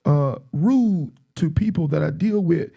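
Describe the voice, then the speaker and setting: A middle-aged man, a guest on a casual podcast chat, talking in an animated, self-deprecating way and tripping over his words. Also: on the high side, unhurried, creaky, husky.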